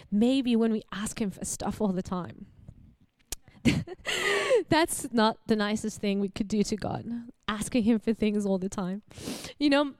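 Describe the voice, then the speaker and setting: A young Australian woman preaching a sermon in a lively, conversational way, asking her listeners questions and laughing easily. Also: on the high side, clear, resonant tone, dry recording. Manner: warm, animated, laughs often, asks the audience questions.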